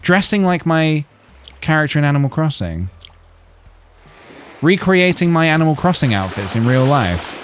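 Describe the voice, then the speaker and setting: A man's voice: fairly high pitch, big pitch swings, moderate pace, long pauses, a little hiss or hum. A man chatting casually on a game stream, rambling through jokes and reading chat messages aloud.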